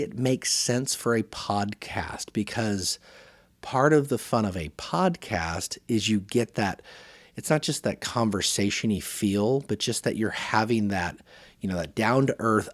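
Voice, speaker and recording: A man hosting his podcast, talking casually to camera in one take, with lively emphasis and a habit of saying "right", recorded on a phone camera. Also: lowish voice, no room sound. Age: adult, working a full-time job. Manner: conversational, varied emphasis, often says "right". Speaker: podcast host.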